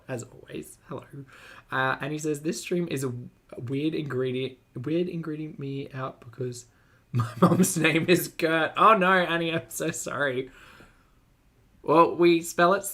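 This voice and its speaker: Bright, chatty Australian man streaming. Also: on the high side. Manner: playful, joking, chatty. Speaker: streamer reacting to videos. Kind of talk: casual live-stream chat.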